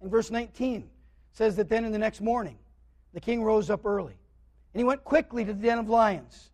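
A man with a very high voice preaches a sermon, retelling a scripture story with lively energy. He acts out the characters as he goes and swings between loud passages and quiet ones. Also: a little fast.

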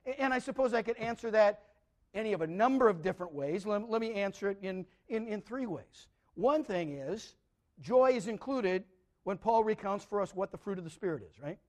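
A man preaching a sermon, often restarting words and checking in with the congregation, moving between loud emphatic lines and quiet asides. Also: high-pitched, expressive, fairly quick. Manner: repeats words as he restarts, asks the audience "right?". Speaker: pastor.

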